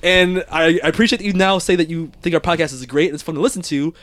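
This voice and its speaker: A man's voice: a little high, fairly even intonation, fast, a bit bright, no room sound. A man hosting a podcast, chatting casually, reading listener reviews aloud and laughing often. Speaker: podcast host.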